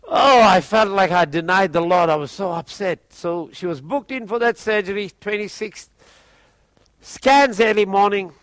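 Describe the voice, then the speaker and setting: A man with a notably high voice for a man tells a personal testimony, chuckling often even through grave moments and slipping into the voices of the people he quotes. The sound is close and dry, with no room ring around it. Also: normal speed, no echo. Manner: chuckles often while telling a grave story; acts out quoted people in his own voice.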